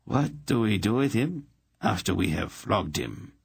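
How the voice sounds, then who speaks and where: A man's voice: fairly low pitch, big pitch swings, unhurried, creaky, slightly rough, no room sound, clean studio sound, pitched above the performer's own voice, full character voice. A man voicing an urbane, cruel emperor in an audiobook, speaking with silky, polite menace.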